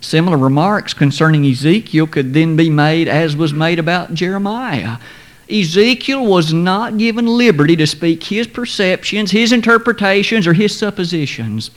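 A man preaching a sermon, speaking in a measured, formal way and slowing down to stress quoted scripture. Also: sits high, expressive. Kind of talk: sermon lesson.

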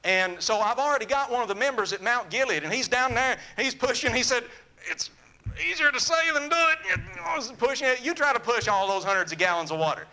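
A man preaching a sermon, telling a story in an earnest, animated way that drops to a soft, intimate tone. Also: very high-pitched, fast talker, hardly any pauses.

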